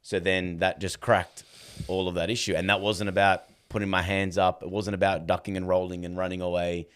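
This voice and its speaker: Deep-voiced man telling animated stories. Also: a little fast, clean tone. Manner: animated storyteller, acts out quoted dialogue. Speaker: podcast guest, dog trainer. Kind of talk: casual conversation.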